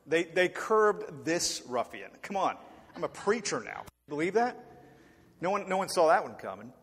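A man in his forties preaching, telling a story in an animated, humorous way and acting out the voices. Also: fairly high pitch, moderate pace, slightly rough, big-room sound. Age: 40s. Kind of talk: storytelling sermon.

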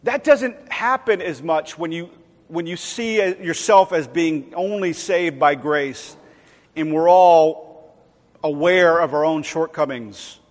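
A man's voice: on the high side, slow. A man preaching a sermon in a conversational way, acting out quoted voices now and then. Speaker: pastor. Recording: long hall reverb.

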